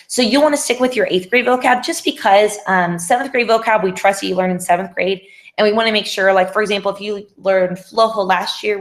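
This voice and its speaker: A woman's voice: medium pitch, fairly bright tone. Friendly teacher woman, full of ums. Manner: frequent "um" fillers, friendly and patient. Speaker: Spanish teacher. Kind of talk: online class review session. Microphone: computer mic on a video call.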